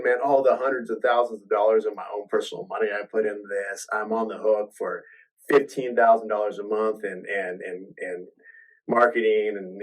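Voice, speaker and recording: A man's voice: on the low side, recorded from a distance, low-quality recording. A man hosting a podcast, telling a personal story in a casual, rambling way, full of restarts and acted-out quotes. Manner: rambling, restarts often, acts out quoted voices.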